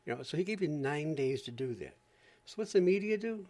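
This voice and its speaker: A man's voice: fairly high pitch, expressive, a little fast, darkish tone. A man hosting a podcast, ranting in an exasperated, sarcastic way and often repeating himself. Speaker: podcast host. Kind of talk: ranting commentary.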